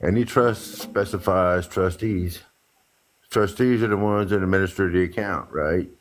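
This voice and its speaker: Deep-voiced man explaining. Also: unhurried. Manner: explaining, repeats himself.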